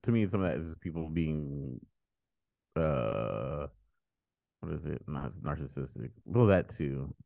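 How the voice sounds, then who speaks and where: A man's voice: extremely low pitch, lively intonation, a little slow, creaky, dark tone, no room sound, studio quality. A man hosting a podcast, telling a story in casual chat, rambling with restarts and swearing. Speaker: podcast host.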